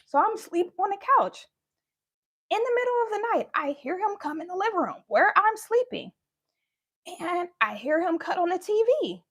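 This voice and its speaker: A woman's voice: very high-pitched, fairly bright tone. A young woman candidly telling a personal story in a live talk, acting out what people said. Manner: candid, conversational, acts out quoted lines. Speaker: speaker sharing her story.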